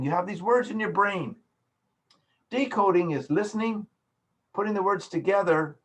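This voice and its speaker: Patient male professor lecturing online. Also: a little high. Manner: patient, explains with everyday examples. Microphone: computer mic on a video call.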